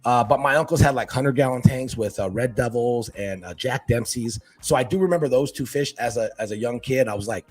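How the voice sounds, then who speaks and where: Husky man telling animated stories. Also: mid-range voice, brisk, hardly any pauses, soft background music. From Hawaii. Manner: animated, acts out family quotes. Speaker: podcast guest. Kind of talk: casual storytelling chat.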